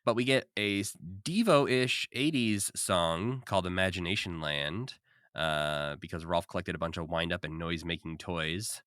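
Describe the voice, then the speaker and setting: A man's voice: low voice, moderate pace, a bit bright, smooth, no echo, studio quality. A man co-hosting a podcast, chatting casually and recapping with frequent laughs. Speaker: podcast co-host. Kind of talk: casual chat.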